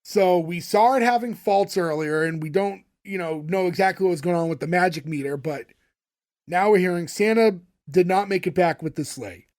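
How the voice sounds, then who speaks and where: A man's voice: sits high, moderate pace, darkish tone. A man co-hosting a podcast, recapping an episode in casual chat with lots of fillers and laughs. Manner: rambling, filler-heavy, laughs often. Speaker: podcast co-host.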